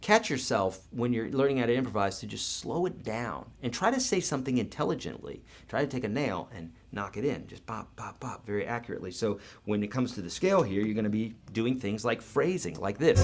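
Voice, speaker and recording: A man's voice: medium pitch, sing-song, a little fast. A man teaching guitar in a live online lesson, talking casually and encouragingly with everyday comparisons.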